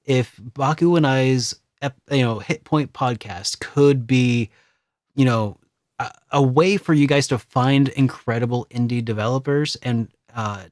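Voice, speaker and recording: A podcast co-host discusses video games casually, rambling and hesitating with many restarts. His mid-range, darkish voice is captured in clean studio sound with no room sound.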